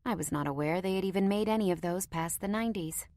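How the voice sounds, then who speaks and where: A woman's voice: medium pitch, quick pace, a little mellow, no room sound. A woman narrating a story in the first person with a wry, conversational tone, recorded close to the microphone.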